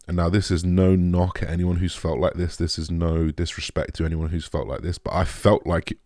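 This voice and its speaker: A young man talking candidly and emotionally to his viewers, halting often, restarting sentences and swearing. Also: low voice, level tone, warm tone, no echo, clean studio sound. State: emotional, shaken. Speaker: vlogger. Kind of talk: candid personal talk to camera.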